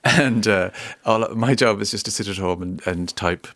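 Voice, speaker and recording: A low, gravelly Irish man talks easily as a radio studio guest, relaxed and quick to laugh at himself. The sound is dry and close to the microphone. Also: no room sound. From Ireland. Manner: relaxed, self-deprecating, laughs often. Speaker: guest, screenwriter and actor. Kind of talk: radio interview chat.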